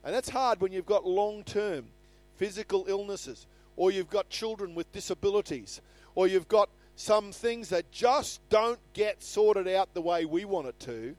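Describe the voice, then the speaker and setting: High-voiced male preacher, earnest. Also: unhurried, darkish tone, no room sound. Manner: earnest preaching, reads scripture aloud with rising emphasis. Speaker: pastor. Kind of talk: sermon. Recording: faint music behind.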